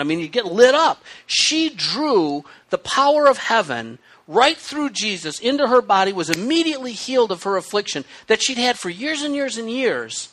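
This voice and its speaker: A man preaching a sermon with hiccups, reading scripture aloud and explaining it in an animated, conversational way. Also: sits high. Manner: animated, conversational teaching with asides. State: has the hiccups.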